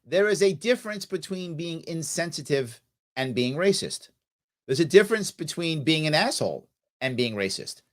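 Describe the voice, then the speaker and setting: An American man hosts a live political show and lectures his viewers with real conviction. His pitch rises and falls sharply as he acts out imagined conversations, and he hammers each point home. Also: normal speed. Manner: animated, emphatic, acts out both sides of arguments. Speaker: political talk show host. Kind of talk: impassioned livestream monologue.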